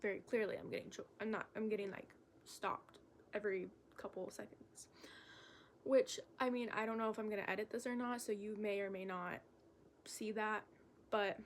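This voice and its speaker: A young woman making a casual vlog, talking in a halting, candid way with lots of fillers and self-corrections. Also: mid-range voice, fairly even intonation, slight background noise. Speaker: vlogger. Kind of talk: rambling stream-of-consciousness vlog.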